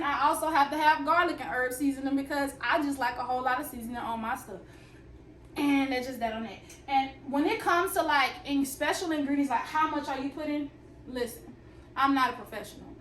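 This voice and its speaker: Young woman, Southern accent, high voice, playful and chatty, cooking vlog, roomy kitchen. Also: a bit bright, distant mic, slight background noise. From Alabama. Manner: chatty, playful, talks straight to viewers. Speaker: fitness and cooking vlogger. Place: home kitchen. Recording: roomy kitchen audio, mic set back.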